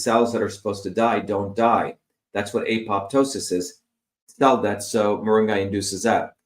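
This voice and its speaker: A middle-aged man explains a slide presentation, working through long lists of terms with filler words. His voice sits on the lower side. The sound carries a roomy echo. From India. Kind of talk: explanatory lecture over slides.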